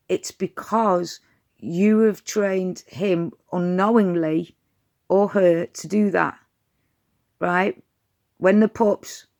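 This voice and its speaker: A woman's voice: mid-range voice, darkish tone. A woman, giving dog training advice in a chatty, direct vlog style. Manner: chatty, direct, addresses viewers as "you lot".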